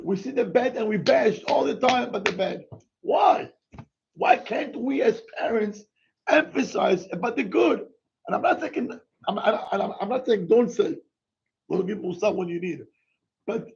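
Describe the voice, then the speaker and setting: Animated rabbi preaching. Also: male voice, very high voice, normal speed, creaky. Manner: animated, emphatic, exclaiming, mixing in Hebrew words. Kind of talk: sermon. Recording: dull lo-fi recording.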